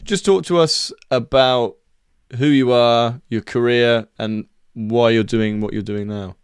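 Smooth-voiced chatty host. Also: male voice, medium pitch, fairly even intonation, unhurried, no room sound, clean studio sound. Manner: chatty, jokey. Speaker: podcast host. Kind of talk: casual interview chat.

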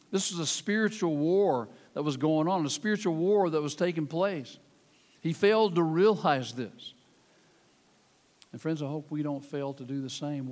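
Southern American man, pastor, earnest sermon, slightly high voice, long hall reverb. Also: darkish tone. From Southern United States. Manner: earnest preaching, dramatic scripture reading.

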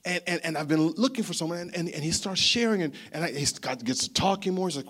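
Animated man preaching a sermon. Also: a little high, quick pace, few pauses. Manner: animated, chatty, repeats words. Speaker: pastor. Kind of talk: sermon storytelling.

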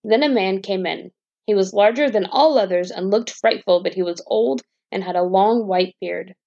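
A woman reads a bedtime fairy tale in a calm, even storyteller voice. Her tone has a gravelly fry at the edges. The recording sounds dull and lo-fi. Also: mid-range voice, moderate pace.

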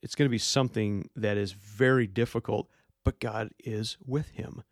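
A man with a fairly low voice teaches through Bible passages, moving between careful scripture reading and easygoing, plain-spoken commentary. The sound is dry and close. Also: fairly even intonation, normal speed, dry recording. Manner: conversational, plain-spoken explaining. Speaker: podcast host and Bible teacher.

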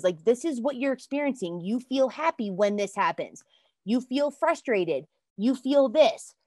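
In a clean studio recording with no room sound, a woman with a slightly high voice delivers motivational talk on her self-help podcast. She's earnest and emphatic, addresses listeners as "you guys," and breaks into excited exclamations.

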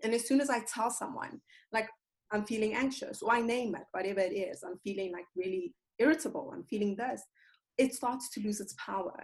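A woman hosting a podcast, chatty and quick to laugh, often telling anecdotes. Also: medium pitch, low-quality recording. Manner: warm, laughs easily, tells anecdotes. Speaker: podcast host. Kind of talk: casual conversation.

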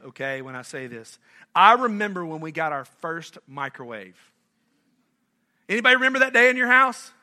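A slightly high-voiced middle-aged pastor from North Carolina gives a sermon. He's animated and conversational, questioning and joking with his congregation.

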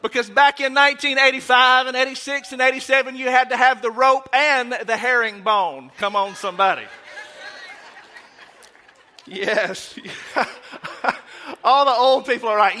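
Bright-voiced middle-aged preacher. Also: male voice, sits high, fairly even intonation, normal speed. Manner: folksy, joking, swings into loud preaching. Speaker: guest preacher. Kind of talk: sermon. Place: church sanctuary.

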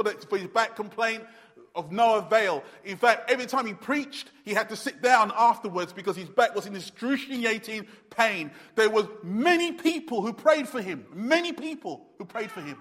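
A man preaching a sermon with a fairly high voice. He speaks emphatically and conversationally, repeating his points. His words echo with the long reverb of a church hall. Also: animated, normal speed, a bit bright. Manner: emphatic, repetitive, conversational with fillers.

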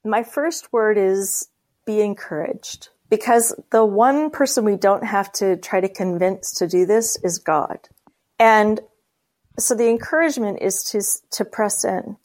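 Woman guest telling a story, animated, does little voices for quotes. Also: mid-range voice, measured pace. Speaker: guest speaker, church leader. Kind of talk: storytelling conversation.

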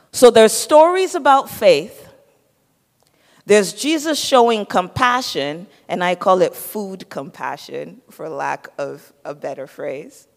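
A woman preaching a sermon, teaching and putting questions to her listeners. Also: medium pitch. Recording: long hall reverb.

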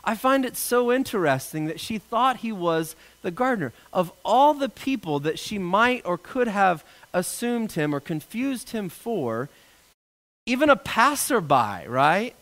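A male pastor delivering a sermon, an animated storyteller who jokes with his congregation. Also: sits high, a little slow.

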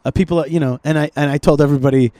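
A man hosting a casual podcast conversation, animated, often repeating himself and restarting his sentences. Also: a little high, very fast. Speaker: podcast host. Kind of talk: casual political chat.

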